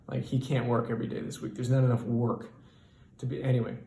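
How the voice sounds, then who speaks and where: Male comedian, stand-up storytelling; profane, animated, exasperated, in a roomy echoey space. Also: mid-range voice, fairly quick, creaky.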